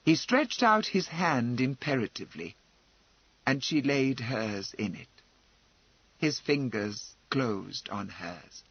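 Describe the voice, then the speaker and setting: A man narrating an audiobook in a measured, expressive storytelling manner. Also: medium pitch, husky, dry recording, highs cut off. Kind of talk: scripted narration.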